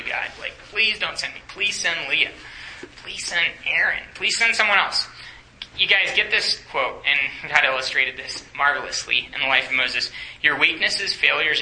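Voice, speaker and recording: Bright, animated male campus preacher. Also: medium pitch, slight background noise, poor audio. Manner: animated, often dropping to a whisper. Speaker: campus ministry speaker. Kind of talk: sermon.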